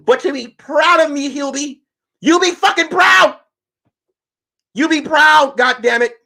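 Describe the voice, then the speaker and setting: A man's voice: very high-pitched, creaky, pushed and bright, exaggerated voice. A man voicing a bossy, doting wife who scolds and urges her husband on, cursing and repeating his pet name.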